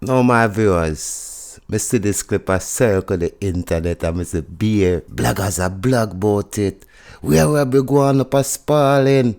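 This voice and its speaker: A man's voice: lowish voice, a little slow, a little mellow. A man with a Jamaican accent giving a chatty news review, mixing patois into standard English. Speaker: news commentator.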